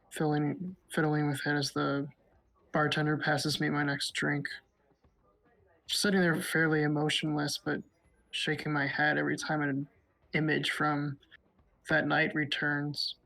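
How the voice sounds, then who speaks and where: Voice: mid-range voice, vocal fry, rough recording. A player narrating their character in the first person in a subdued, brooding way. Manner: subdued, flat, brooding delivery. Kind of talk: in-character role-play narration.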